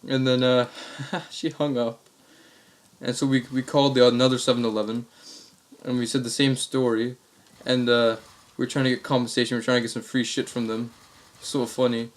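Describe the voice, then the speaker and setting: A man's voice: mid-range voice, level tone, a little fast. Young man telling crude funny stories. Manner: crude slang, amused, rambling. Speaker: vlogger. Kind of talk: casual comic storytelling.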